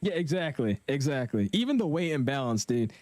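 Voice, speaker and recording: On a dry recording with faint music underneath, a young flight sim streamer banters with his live viewers in slang and reads out their chat. His medium-pitched voice has a sing-song lilt and a darkish tone, and his pace is a little fast.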